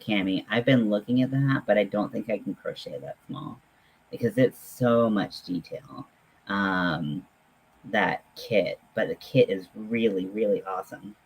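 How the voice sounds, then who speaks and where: A man hosting a casual livestream, chatting in a halting, friendly way with many pauses and fillers while talking to viewers at home. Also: fairly low pitch, slightly rough, highs cut off. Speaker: livestream host.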